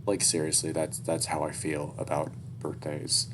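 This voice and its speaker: A man's voice: extremely low pitch, monotone, moderate pace, noisy background. A young man reading a story aloud and breaking off into casual, candid, profane asides. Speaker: story reader.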